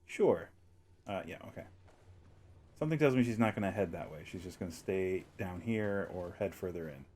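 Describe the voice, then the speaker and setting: A man's voice: sits low, moderate pace, dark tone. A man streaming a video game, chatting casually to himself and the game with frequent chuckles. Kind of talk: casual gameplay commentary.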